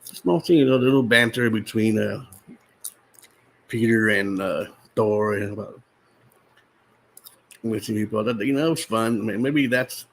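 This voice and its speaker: Rambling man with a gravelly voice. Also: lowish voice, slight background noise, low-quality recording. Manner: rambling, restarts often, talks while eating popcorn; exasperated, incredulous. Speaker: movie reviewer. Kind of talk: casual unscripted movie review vlog.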